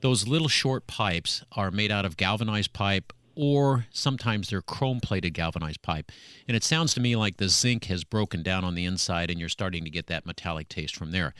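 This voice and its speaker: A man's voice: low voice, normal speed, fairly bright tone, smooth, no room sound. A man hosting a home improvement call-in radio show, chatting in a folksy, storytelling way with callers and co-hosts. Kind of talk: casual call-in radio chat. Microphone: studio mic.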